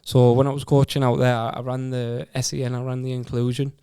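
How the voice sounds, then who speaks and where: Gravelly young Teesside man, earnest. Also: medium pitch, level tone, quick pace, warm tone, no room sound, clean studio sound. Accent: Teesside English. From Stockton-on-Tees, England. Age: 20s. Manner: repeats words and restarts often, earnest. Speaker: podcast guest. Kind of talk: casual conversational storytelling.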